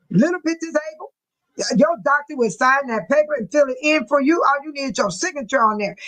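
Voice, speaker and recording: A woman's voice: high-pitched, fairly bright tone, poor audio. A middle-aged woman, hosting a casual livestream chat, laughing often and reading out viewer comments. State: laughing to tears. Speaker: livestream host.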